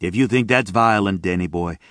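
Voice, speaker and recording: A man's voice: sits low, a little fast, fairly bright tone, dry recording, studio quality. A man voicing a cold, dangerous young male thug who speaks bluntly and threatens.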